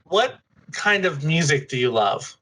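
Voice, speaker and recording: A man hosting a podcast, asking a guest friendly quick-fire questions in casual chat. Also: fairly high pitch, very animated, a bit bright, a little hiss or hum, low-quality recording. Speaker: podcast host.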